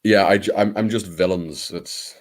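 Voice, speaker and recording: Deep-voiced wry man from Liverpool. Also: steady tone, moderate pace. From Liverpool, England. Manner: wry, theatrical, self-mocking, swears casually. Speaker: live stream host. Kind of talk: late-night live stream chat with viewers.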